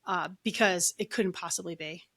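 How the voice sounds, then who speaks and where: A middle-aged woman, a guest on a podcast, telling her story in an animated way and acting out the lines of others. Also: fairly low pitch, moderate pace, vocal fry. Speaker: podcast guest, energy healer.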